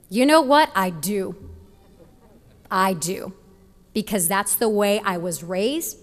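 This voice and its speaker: A woman's voice: mid-range voice, lively intonation, unhurried. A young woman from Texas giving a passionate, emphatic commencement speech at a podium in a large venue. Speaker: commencement speaker. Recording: long hall reverb.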